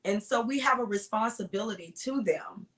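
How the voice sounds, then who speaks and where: A middle-aged woman, a singer as a guest, telling stories with lively acted-out quotes in a relaxed chat. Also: mid-range voice, a little fast. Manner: animated storyteller acting out voices. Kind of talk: casual interview storytelling.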